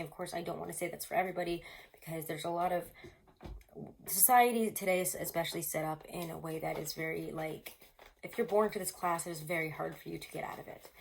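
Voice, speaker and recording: Woman tarot reader, low gravelly voice, quick chatty rambling delivery. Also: slight background noise. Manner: chatty and rambling, many fillers, laughs often. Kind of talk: casual astrology tarot reading to camera.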